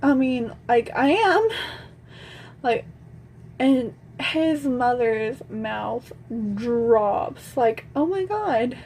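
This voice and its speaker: A woman's voice: a little high, drawn-out words, darkish tone, a little hiss or hum, low-quality recording. A young woman vlogger telling a casual storytime, blunt and swearing freely as she acts out what everyone said.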